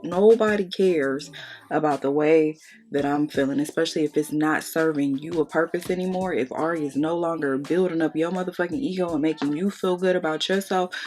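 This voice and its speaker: This beauty vlogger is a young woman speaking candidly and with profanity during a makeup tutorial, venting and nearly crying. Her voice is deep and darkish.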